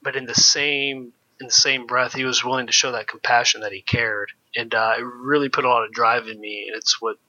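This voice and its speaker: A former pro baseball pitcher telling loose, candid stories in an interview, full of "like" and "you know". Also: male voice, fairly even intonation, brisk, few pauses, bright, forceful tone, highs cut off. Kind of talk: casual storytelling in an interview.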